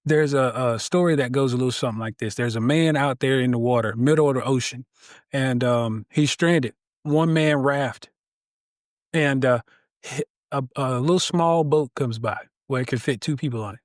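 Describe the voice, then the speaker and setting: A man's voice: medium pitch, moderate pace, no room sound, clean studio sound. A man guest on a podcast, telling a story in an emphatic, preacher-like way that draws out key words.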